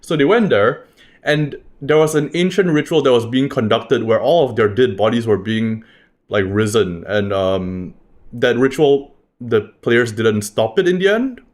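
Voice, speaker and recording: A man's voice: mid-range voice, lively intonation, unhurried. A man recapping a tabletop game session in a loose, rambling way, swearing freely. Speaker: game master recapping a campaign. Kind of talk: casual spoken recap.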